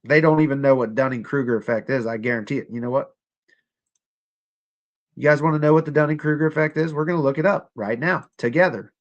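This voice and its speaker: A man's voice: mid-range voice, fast talker, lo-fi sound. A young man hosting a casual livestream, sarcastic and profane, talking straight to his chat. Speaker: livestream host.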